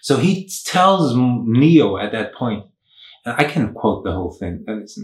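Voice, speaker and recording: A man's voice: mid-range voice, very animated, measured pace. A young man hosting a casual motivational talk, earnest and rambling, often poking fun at himself. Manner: rambling, earnest, self-mocking. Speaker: host. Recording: roomy echo.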